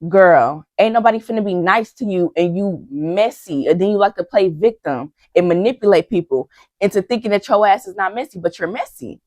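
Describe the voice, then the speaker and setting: A young woman with a mid-range, slightly mellow voice talks a little fast in her chatty reality-TV recap. Over a dry recording she gossips to her viewers as y'all and acts out quotes.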